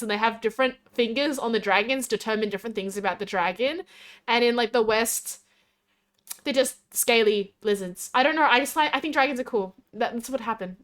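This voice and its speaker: Give me a young Australian woman streamer chatting in a rambling, giggly way, her voice high and very animated. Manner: rambling and giggly, reading chat aloud. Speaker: VTuber streamer. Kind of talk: casual live-stream chat.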